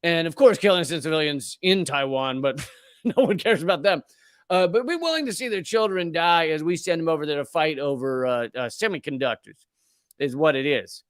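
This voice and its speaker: A man's voice: a little high, expressive, brisk, no room sound, clean studio sound. A male comedian hosting his show, ranting with profanity and sarcastic mockery. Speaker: comedian host. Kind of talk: ranting political commentary.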